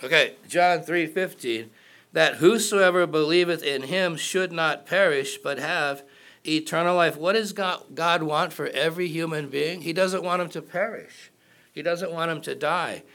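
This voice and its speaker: A man's voice: on the high side, measured pace, pushed and bright. A man preaching a sermon in a conversational way, asking the congregation questions and cracking jokes. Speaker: pastor.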